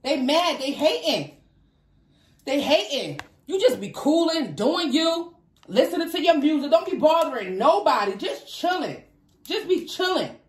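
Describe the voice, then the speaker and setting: A woman's voice: sits high, sing-song, unhurried, roomy sound. A woman giving a spoken tarot reading, repeating herself emphatically and talking to Spirit and the viewer. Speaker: tarot reader.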